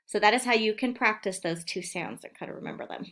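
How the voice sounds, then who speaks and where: A woman teacher giving a recorded phonics lesson to young children, sounding out words slowly and clearly. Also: mid-range voice, sing-song, a bit bright, slight background noise. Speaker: elementary school teacher.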